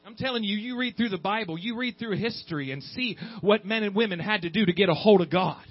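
A man's voice: high voice, fast, no room sound. A male preacher delivering a fervent sermon, repeating phrases and calling out "Amen" to the congregation. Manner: fervent, repetitive, calls out "Amen". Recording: dull, muffled sermon recording.

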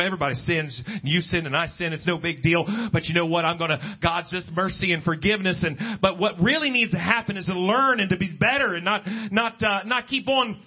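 A man preaching a sermon at a church service, talking conversationally and climbing in pitch when he stresses a point. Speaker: pastor. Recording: dull lo-fi church recording with faint guitar.

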